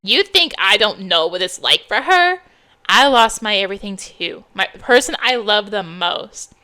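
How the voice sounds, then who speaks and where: A woman's voice: mid-range voice, lively intonation, unhurried, sharp tone, voice pushed down. A woman voicing a worn-out young mother arguing in a heated, pleading way in a game. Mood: upset.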